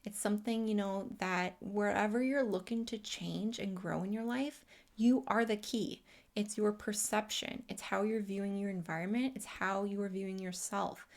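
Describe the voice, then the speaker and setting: A woman's voice: mid-range voice, fairly even intonation, moderate pace. Earnest woman hosting a spiritual talk. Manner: earnest, heartfelt, many "you know" fillers. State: emotional, near tears. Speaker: host. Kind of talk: spiritual self-help talk.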